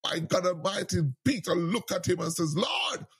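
A male preacher delivers a sermon in a fervent, repetitive style, breaking in again and again with cries of praise. His voice sits a little high and sounds husky. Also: steady tone, moderate pace. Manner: fervent, repetitive exhortation with frequent interjections.

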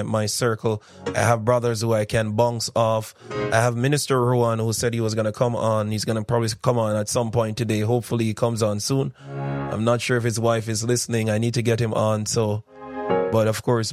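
A man hosting a morning radio devotional, talking in a loose, rambling, preacher-like way. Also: medium pitch. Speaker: radio host and minister.

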